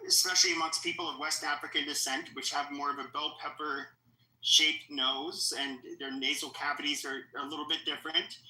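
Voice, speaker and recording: A man's voice: a little high, sharp tone, roomy sound, low-quality recording. A man hosting a heated live debate in an online audio room. He is combative and profane, and interrupts often.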